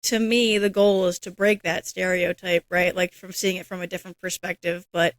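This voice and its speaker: A woman co-hosting a podcast in casual chat, talking in a measured way with frequent "I mean" and "um.". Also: lowish voice, flat delivery, no echo. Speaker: podcast co-host.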